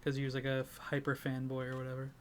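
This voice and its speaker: A man's voice: medium pitch, monotone, rapid-fire, slight background noise. A man co-hosting a casual comedy podcast, rambling and self-deprecating, sleep-deprived and breaking into laughter. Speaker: podcast co-host.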